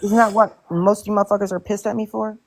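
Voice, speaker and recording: A woman's voice: mid-range voice, flat delivery, fast talker, a little mellow. Blunt, cussing woman ranting on a live stream. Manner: blunt, profane, exasperated ranting. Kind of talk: casual livestream chat.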